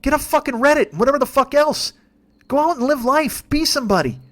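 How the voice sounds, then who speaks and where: Fast, high-voiced ranting man in his fifties. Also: animated, fairly bright tone. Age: 50s. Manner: profane, exasperated, emphatic. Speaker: podcast host and comedian. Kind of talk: ranting solo monologue.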